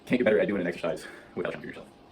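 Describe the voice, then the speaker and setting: A man's voice: deep voice, racing, slight background noise. A man chatting to camera in a casual vlog, self-deprecating and full of ums, at times out of breath. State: out of breath during balance exercise. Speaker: vlogger documenting leukemia treatment and workouts. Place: home gym indoors.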